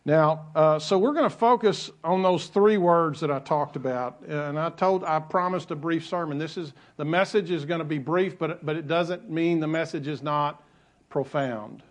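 A man's voice: a little high, normal speed. A male pastor preaching a sermon in a conversational way, repeating key phrases and adding light asides.

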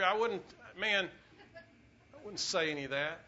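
A man preaching a sermon as pastor, telling a story earnestly, swelling loud and dropping quiet. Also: high-pitched, a little slow, pauses often. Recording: dull lo-fi recording.

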